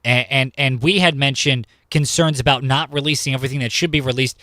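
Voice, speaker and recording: A man's voice: mid-range voice, steady tone, a little fast, sharp tone, dry recording. Man hosting morning talk radio, dry sound. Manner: conversational, reads listener prompts. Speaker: radio news host. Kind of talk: casual talk radio chat.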